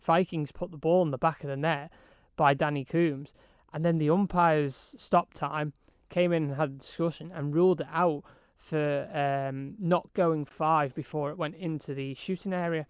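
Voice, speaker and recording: A man with a Manx accent, slightly hoarse, describing hockey matches in an excitable sports chat full of fillers and restarts. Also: on the high side, dry recording, clean studio sound. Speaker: hockey reporter.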